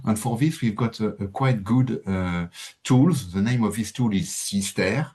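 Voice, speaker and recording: A man with a French accent, French his first language, gives a halting webinar presentation full of fillers. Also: lowish voice. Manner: halting, many fillers, uneven loudness. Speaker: presenter from a crop institute.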